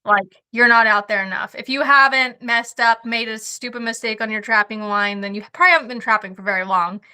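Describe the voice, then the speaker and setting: A woman tells hunting stories as a podcast guest, her voice high and bright. She swears freely and laughs her way through the tale, talking casually. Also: steady tone, a little fast, smooth. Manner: profane, laughing anecdotes. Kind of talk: casual storytelling.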